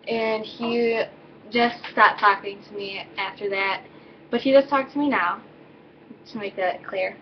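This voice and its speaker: A woman's voice: on the high side, dull audio, background noise. A teenage girl telling a personal story in a loose, rambling way, full of fillers and self-corrections, recorded at home. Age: teens. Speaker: vlogger. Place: home, indoors with baby.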